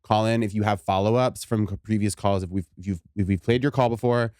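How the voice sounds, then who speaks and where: Fast-talking ranting man podcast host. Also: on the low side, no echo, studio quality. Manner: animated ranting, swears a lot. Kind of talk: casual podcast chat.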